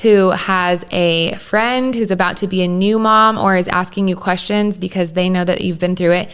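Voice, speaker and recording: A woman co-hosting a podcast in a casual chat, a little under the weather and hoarse, with playful quick asides. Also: on the low side, fairly even intonation, fairly bright tone. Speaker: podcast co-host.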